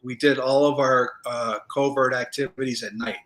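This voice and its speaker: A man, a former federal agent, telling stories in a casual interview, relaxed and rambling with many fillers. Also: mid-range voice, normal speed.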